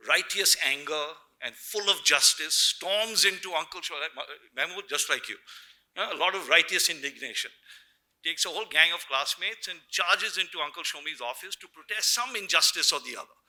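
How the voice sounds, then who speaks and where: A man's voice: a little high, low-quality recording. A middle-aged man giving a personal tribute speech at a memorial gathering, telling anecdotes and quoting the voices of people he remembers. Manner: anecdotal, warm storytelling with quoted voices. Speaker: memorial speaker. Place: memorial gathering before an audience.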